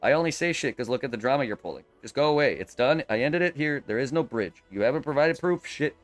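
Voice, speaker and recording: A man on a live game stream, venting in a heated, profane, rapid-fire way. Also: mid-range voice, lively intonation, soft background music.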